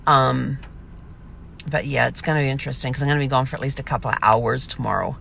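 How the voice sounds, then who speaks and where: A woman with a low, deep-set voice chats through her day in a loose, rambling vlog. She acts out her own remarks in lively bursts, with a faint hum of ambience behind her. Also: quick pace, creaky. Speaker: vlogger. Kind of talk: casual diary vlog. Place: inside her camper.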